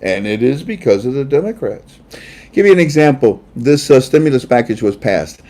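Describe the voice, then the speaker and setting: A ranting man hosting an online talk show, his voice swooping from low mutters to loud jabs. The tone is dark and mellow, and he scoffs and chuckles at the people he mocks. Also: animated, normal speed. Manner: heated, mocking, laughs at his own jabs. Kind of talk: ranting political commentary.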